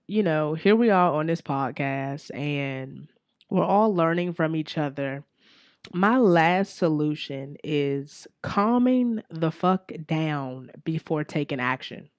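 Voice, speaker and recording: Lower-pitched woman podcaster, blunt and swears a lot, animated storytelling, dead dry mic. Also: dry recording. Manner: candid and profane, animated retelling. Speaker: podcast host. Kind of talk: casual storytelling monologue.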